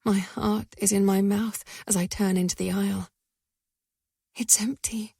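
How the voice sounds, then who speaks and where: Slow, breathy woman narrating a romance. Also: medium pitch, dry recording, studio quality. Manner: soft, breathy, often near a whisper. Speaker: audiobook narrator. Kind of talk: scripted first-person romance narration.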